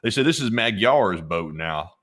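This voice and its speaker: A man's voice: on the low side, animated, normal speed, a bit bright. A man co-hosting a casual livestream, reading out donations in an easygoing, plain-spoken way. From Southern United States.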